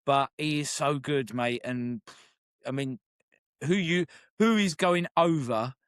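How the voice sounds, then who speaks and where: A man co-hosting a wrestling podcast, chatting casually and briskly steering the segment along. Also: medium pitch, clean tone, no echo, clean studio sound. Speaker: podcast co-host. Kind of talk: casual chat.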